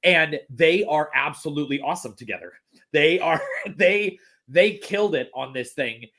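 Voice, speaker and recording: A man's voice: fairly high pitch, expressive, moderate pace, a bit bright. A man chatting casually as a podcast guest, rambling with many restarts and fillers. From Texas. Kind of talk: casual chat.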